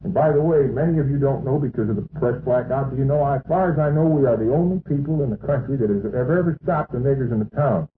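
A man's voice: medium pitch, quick pace, few pauses, slight background noise. A man giving an emphatic, boastful rally speech to an audience in a meeting hall. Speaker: political speaker. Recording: tinny, echoey archival hall recording.

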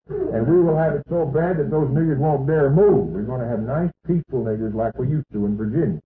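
A man's voice: mid-range voice, a little hiss or hum. A man giving an emphatic, boastful rally speech to an audience in a meeting hall. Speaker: political speaker. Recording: tinny, echoey archival hall recording.

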